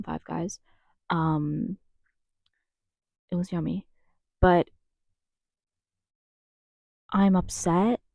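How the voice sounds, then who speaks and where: A woman's voice: fairly low pitch, mellow, no room sound. A young American woman ranting angrily in a vlog, swearing and restarting her sentences, recorded in her closet. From United States. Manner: angry, swearing, rambling with many restarts.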